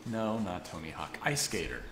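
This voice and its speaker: A man hosting a casual live stream, excitable and rambling, laughing often between restarts. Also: low voice, normal speed, reverberant, crowd noise. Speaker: host.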